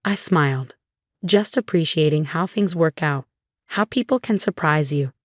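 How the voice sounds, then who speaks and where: A woman narrating a first-person family story in a steady, even manner. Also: low voice, unhurried, no room sound, studio quality.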